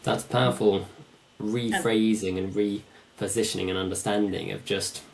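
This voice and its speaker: A man's voice: on the low side, flat delivery, normal speed, gravelly, slight background noise. A man hosting a podcast conversation, reflective, building his ideas in repeated phrases. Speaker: podcast host.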